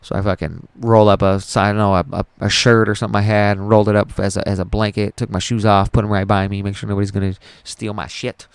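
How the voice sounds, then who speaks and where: A young man with a low, gravelly voice talks through a painful memory. He rambles, swears freely and trips over his own words. His voice is smooth and resonant, and the recording is dry and close. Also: little pitch movement, fast, hardly any pauses, no room sound. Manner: rambling, profane and emotional, with many restarts. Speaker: podcast host. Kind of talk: casual personal storytelling.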